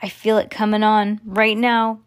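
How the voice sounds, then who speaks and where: Squeaky, dramatic second-grade girl, read aloud by a woman. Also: a little slow, clean tone, close to an everyday voice. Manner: dramatic, excited.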